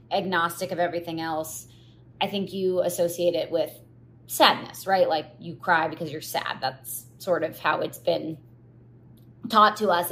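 This podcast host's voice sits on the low side with a fairly bright tone, and the recording has a little hiss or hum. She chats casually on her own, heavy on fillers like "like" and restarts. She gets teary as she tells it and laughs at herself.

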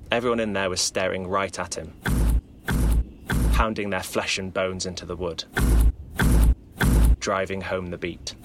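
A man's voice: low-pitched, very noisy. A man telling a spooky holiday story with dramatic, rhythmic narration. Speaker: podcast storyteller.

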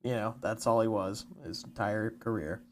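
A man's voice: fairly low pitch, fairly even intonation, normal speed. A man co-hosting a casual podcast chat, joking and laughing often. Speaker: podcast co-host.

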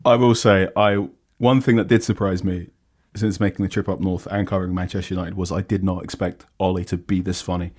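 A man's voice: deep voice, little pitch movement, fairly quick, darkish tone. A young man hosting a football podcast, chatting casually and reading promotions in an upbeat way. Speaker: podcast host.

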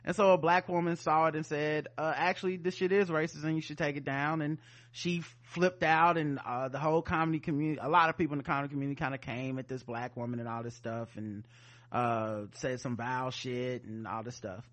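A man hosting a podcast, talking casually in an animated, rambling way, full of asides and fillers. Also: medium pitch, fairly quick. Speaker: podcast host. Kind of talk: casual chat.

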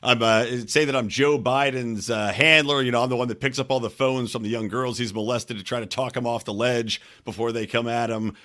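A man guesting on a casual podcast, joking crudely in a smooth radio-announcer voice. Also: medium pitch, steady tone, fairly quick, few pauses, bright, forceful tone. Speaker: podcast guest, host of another show.

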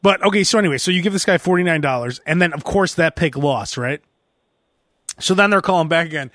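A high-pitched man with a bright, forceful voice hosts a casual podcast chat. He tells animated stories, acting out both sides of phone calls and sometimes breaking into loud shouts. The recording is dry and close. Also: fast talker, no room sound. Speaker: podcast host.

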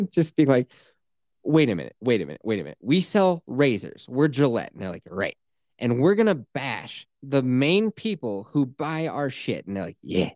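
A male podcast co-host riffs with plenty of swearing and sarcasm, swinging his pitch up and down as he acts out little mocking voices. His voice is close and dry, with no room sound at all. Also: wildly swooping pitch, normal speed, darkish tone, no echo. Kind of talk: casual podcast chat.

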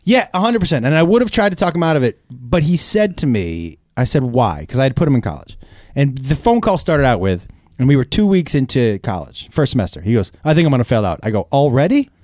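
A middle-aged man, a comedian guest, telling profane, animated stories full of impressions. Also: mid-range voice, fairly quick, dry recording, clean studio sound. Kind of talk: casual comedic storytelling.

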